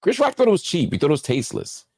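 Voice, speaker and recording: A male host in impassioned commentary, his voice sitting a little high and swinging widely in pitch. He hammers his points home by repeating phrases, like a preacher building toward a peak. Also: big pitch swings, a little mellow. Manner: heartfelt, slower, subdued.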